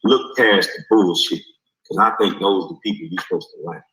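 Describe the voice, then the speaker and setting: A man delivering a heated, profane rant in a streamed clip, forceful and animated. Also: deep voice, fairly quick. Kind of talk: heated ranting monologue. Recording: roomy echo.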